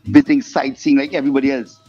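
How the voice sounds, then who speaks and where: A man being interviewed as a guest singer, telling stories in a lively way and acting out the voices of the people in them. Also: medium pitch, racing. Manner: animated storyteller, acts out quoted voices. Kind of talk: storytelling interview chat. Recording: muffled podcast audio with faint music.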